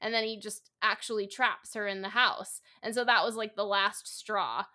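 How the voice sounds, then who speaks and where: A woman's voice: mid-range voice, steady tone, moderate pace, pushed and bright. A young adult woman co-hosting a podcast, recapping a story in a casual, chatty way with lots of "like" and "you know". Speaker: podcast co-host. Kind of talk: casual book discussion.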